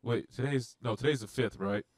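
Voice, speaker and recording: A man hosting a casual racing game livestream, rambling and animated with lots of fillers. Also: medium pitch, fairly quick, no echo. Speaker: livestream host. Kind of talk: casual gaming livestream chat.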